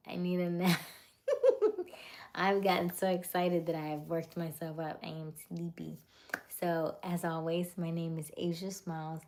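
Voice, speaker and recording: A woman, hosting a casual late-night livestream chat in a soft, affirming way that drifts into whispers. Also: sits low. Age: 30s. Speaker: livestream host.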